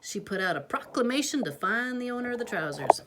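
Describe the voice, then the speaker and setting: A woman reading a picture book aloud to a child, playful, with chatty asides and hushed whispers. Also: fairly high pitch, big pitch swings, moderate pace, hardly any pauses, a little hiss or hum. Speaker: parent reading a storybook to a child. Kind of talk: animated read-aloud storytelling.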